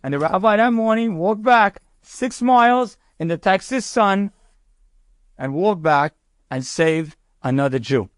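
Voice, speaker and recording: A man, a rabbi, telling a story in a sermon with a conversational, animated manner. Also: high voice, unhurried, no room sound, clean studio sound.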